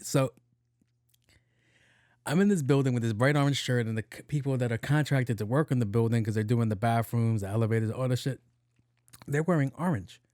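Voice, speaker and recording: A man's voice: medium pitch, brisk, pauses often, no room sound. A man with a middle-range voice recounts a workplace mishap as a podcast host, swearing freely and acting out every exchange. The sound is dry and close, with no room around it. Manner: profane, animated storyteller who acts out dialogue. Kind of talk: casual comedic storytelling.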